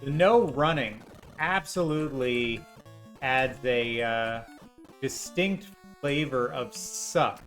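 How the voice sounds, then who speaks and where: A man's voice: medium pitch, slow, fairly bright tone. A man giving sarcastic, rambling commentary while playing an old role-playing video game. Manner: sarcastic, rambling jokey asides. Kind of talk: gameplay commentary. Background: faint game music.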